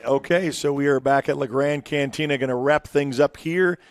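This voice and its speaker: Man hosting sports chat, gravelly, mid-pitched, easygoing interviewer. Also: normal speed. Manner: chatty, asks players questions, trails off. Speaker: sports show host. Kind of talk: casual interview. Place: restaurant in a mall.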